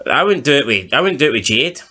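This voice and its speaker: A man's voice: mid-range voice, big pitch swings, quick pace, pushed and bright. A man co-hosting a casual TV review chat, recapping plot points in a dry, skeptical way. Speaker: TV review podcast co-host.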